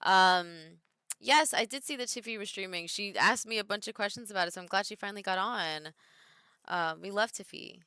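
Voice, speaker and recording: A woman's voice: mid-range voice, a little fast, pushed and bright, smooth, dry recording, studio quality. A woman in her thirties, a wrestler chatting casually on a live stream, reading viewer comments aloud and answering them at home.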